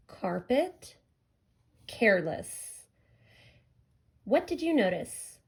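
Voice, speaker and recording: A woman teacher giving a recorded phonics lesson to children, speaking clearly and drawing out each sound. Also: a little high. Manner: slow, clear, stretching out sounds for young learners.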